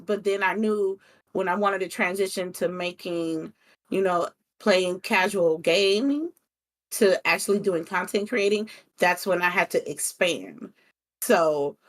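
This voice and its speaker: Brief: young woman guest, lively storyteller, casual and candid. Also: medium pitch. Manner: animated storytelling, swears casually. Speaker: content creator guest. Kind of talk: casual interview chat.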